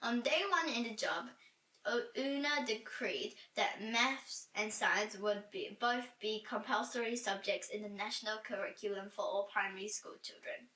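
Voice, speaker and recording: A woman reading a children's book aloud with expressive storytelling. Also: mid-range voice, normal speed. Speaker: storybook reader. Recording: roomy echo, distant from mic.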